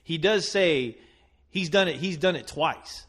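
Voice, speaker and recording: A man's voice: on the high side, unhurried, fairly bright tone, husky. A man co-hosting a casual podcast chat, chiming in and agreeing with the host. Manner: chiming in, agreeing, laughing along.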